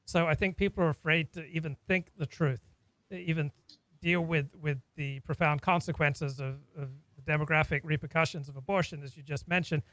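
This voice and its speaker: A man's voice: fairly high pitch, steady tone, brisk, a bit bright, no room sound, low-quality recording. A man from Australia hosting a talk, speaking in an earnest, reflective way and often repeating words as he thinks. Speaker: host. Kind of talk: casual discussion.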